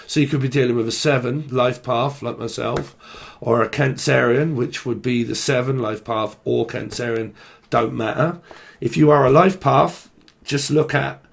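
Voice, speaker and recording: A man's voice: mid-range voice, gravelly, breathy edge. A young man with a London-area English accent, giving a rambling, swear-filled casual tarot reading. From Britain. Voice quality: swears a lot, slangy and rambling. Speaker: tarot reader. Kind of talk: casual tarot channelling monologue.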